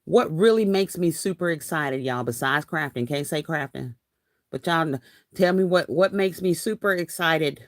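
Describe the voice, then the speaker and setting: A woman's voice: deep voice, animated, moderate pace, no room sound, studio quality. A woman in her fifties hosting a casual craft live stream, chatty and laughing often as she reads viewer comments aloud. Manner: chatty, laughs often, says y'all a lot. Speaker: craft channel host.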